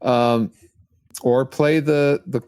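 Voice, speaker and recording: A man co-hosting a podcast, making quick jokes and asides. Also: medium pitch, fairly even intonation, darkish tone, clear, resonant tone. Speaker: podcast co-host. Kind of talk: casual chat.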